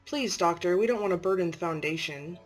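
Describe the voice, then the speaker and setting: A woman's voice: lowish voice, brisk, natural voice. A woman voicing a polite, subdued mother. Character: polite, self-effacing mother figure, hiding sadness. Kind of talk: amateur story reading.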